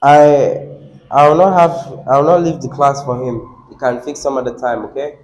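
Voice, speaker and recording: A Nigerian man teaching an English class, quizzing students and repeating words slowly. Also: mid-range voice, fairly even intonation, a little mellow, muffled recording, a little hiss or hum. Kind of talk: classroom lesson. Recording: echoey classroom.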